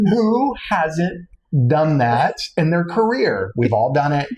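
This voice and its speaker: A man's voice: on the high side, measured pace, low-quality recording. A man co-hosting a casual podcast. He tells workplace stories with lots of energy, laughs easily and doubles up his words. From Texas. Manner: animated storyteller, laughs often, repeats words. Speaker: co-host.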